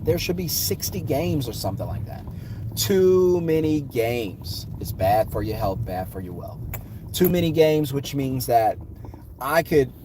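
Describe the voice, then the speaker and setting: A man's voice: medium pitch, background noise. A man vlogging his opinions on sports, talking in emphatic, punchy, repeated phrases while in a car. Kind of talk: casual opinion rant.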